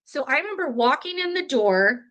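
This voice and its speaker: This podcast storyteller, a woman in her fifties, speaks at a normal pace in a high, expressive, somewhat bright voice. Her personal story wanders casually, packed with fillers and self-corrections, and she laughs readily.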